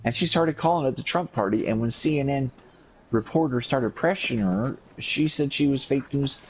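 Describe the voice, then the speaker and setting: A man recovering from surgery, telling profane, animated stories in a casual chat. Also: medium pitch, normal speed. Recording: dull lo-fi recording with faint noise.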